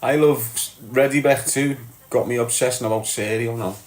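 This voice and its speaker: A man's voice: medium pitch, fairly even intonation, normal speed, roomy sound. Scouse fella chatting to his viewers live, blunt, swears a lot. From Liverpool, England. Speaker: live stream host reading chat. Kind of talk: casual live chat.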